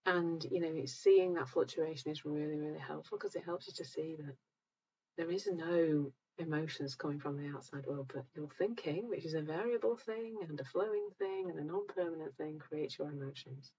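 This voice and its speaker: A middle-aged woman hosts a live stream, answering viewers in a calm, gentle, reassuring way. Her lowish voice is husky with plenty of creaky fry, and she sounds somewhat tired. The sound is dull and lo-fi. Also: normal speed. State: tired, low energy. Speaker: host of a live session.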